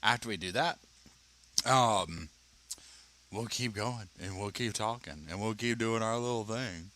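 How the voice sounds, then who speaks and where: A man's voice: on the low side, a little slow, pauses often, sharp tone. A man hosting a casual livestream podcast, chatty and upbeat, addressing viewers as y'all. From North Carolina, US. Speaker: podcast host.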